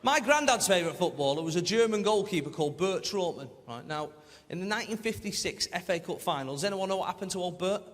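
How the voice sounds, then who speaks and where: A man's voice: sits high, animated, fast talker, few pauses. A man doing a stand-up set, chatting with the crowd and ending lines with tag questions. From Manchester. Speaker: stand-up comedian. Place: large theatre on stage. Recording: live theatre hall, loud audience laughter. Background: audience laughter and applause.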